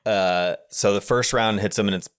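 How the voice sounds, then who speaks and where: A man's voice: on the low side, fairly even intonation, moderate pace, smooth. A man co-hosting a podcast, describing a film's scenes in detail with dry jokes. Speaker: podcast co-host. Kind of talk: casual film review chat.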